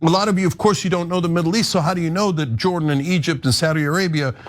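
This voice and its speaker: A man's voice: fairly high pitch, racing. A man from the United States hosting a show, delivering a heated, blunt and profane political rant. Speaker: host.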